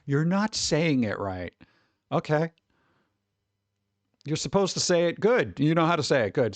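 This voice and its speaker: A man's voice: mid-range voice, gravelly, dry recording. An American man chatting casually on a livestream, rambling, laughing often and trailing off. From United States. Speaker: VTuber streamer.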